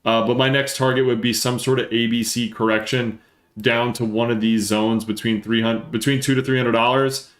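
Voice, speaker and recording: A man hosts a live stream and reads through charts as he talks. He speaks fast and gets excited, working things out aloud. His mid-range voice carries some room echo. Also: mid-range voice. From northern New Jersey. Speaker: livestream host and market analyst.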